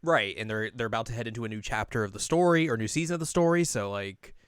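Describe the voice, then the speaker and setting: A man hosting a casual podcast, chatty and quick to laugh. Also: medium pitch, clean tone, dry recording, studio quality. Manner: chatty, laughs often, speeds up when excited. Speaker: podcast host.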